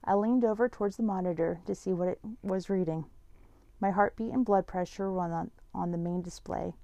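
A woman tells a first-person story in a steady, earnest way. Her voice is lowish and mellow, and the recording is close and dry with no room sound. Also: a little fast, dry recording.

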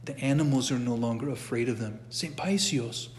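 Middle-aged male church teacher, relaxed and conversational, frequent restarts, recorded with long hall echo. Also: mid-range voice, moderate pace, slight background noise. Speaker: catechism teacher. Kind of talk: informal church class lecture.

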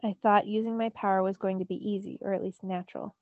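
A woman's voice: medium pitch, steady tone, fast talker, no echo, narrow, tinny audio. A teacher reading a novel aloud to her students, narrating expressively in the first person. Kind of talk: storybook read-aloud.

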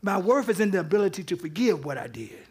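High-voiced pastor preaching with humor. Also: male voice, big pitch swings, fast, slightly rough. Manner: conversational, joking with the congregation. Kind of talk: interactive sermon. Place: church with live congregation.

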